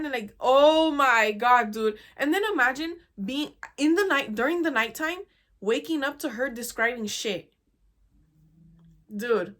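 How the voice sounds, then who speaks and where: A young woman hosting a casual storytime chat, animated and exasperated, full of "dude" and "oh my God.". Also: on the high side, unhurried. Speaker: podcast host.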